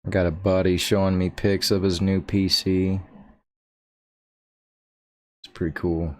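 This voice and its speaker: A man hosting a live reaction stream, reading out chat comments in a low-key, offhand way. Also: little pitch movement, unhurried.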